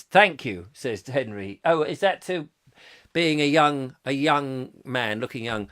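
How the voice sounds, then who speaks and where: A man's voice: fairly high pitch, expressive, moderate pace, fairly bright tone. Playful rambling male chat show host. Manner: rambling, playful, self-mocking, trails off into humming. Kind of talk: comic live chat, reading viewer comments.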